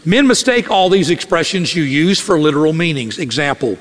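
High-voiced preacher in a reverberant hall. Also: male voice, brisk. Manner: animated preaching, acting out quoted voices. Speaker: pastor. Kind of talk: sermon. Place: church sanctuary. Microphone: podium or stage mic.

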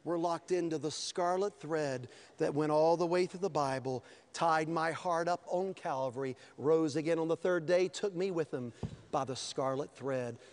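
A man preaching a sermon, telling a story with lively swings from hushed to shouting. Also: a little high, moderate pace.

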